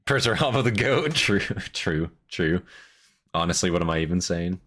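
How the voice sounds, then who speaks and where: A man hosting a reaction video, giving casual commentary that is excitable and full of swearing. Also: low voice, normal speed. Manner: excitable, swears and laughs a lot.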